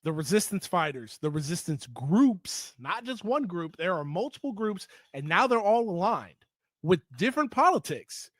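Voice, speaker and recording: A man's voice: high-pitched, sing-song, normal speed, fairly bright tone, dry recording. A man giving an opinionated political commentary monologue, heated and emphatic, repeating points for stress.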